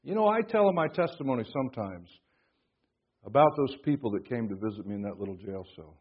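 A man preaching a sermon at a conference, swinging from hushed tones to booming emphasis. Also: lively intonation, fairly quick, breathy edge, narrow, tinny audio. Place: conference hall.

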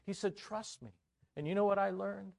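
A man preaching a sermon at a church conference, telling a story with lively energy and acting out the characters' voices. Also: high voice, quick pace, gravelly.

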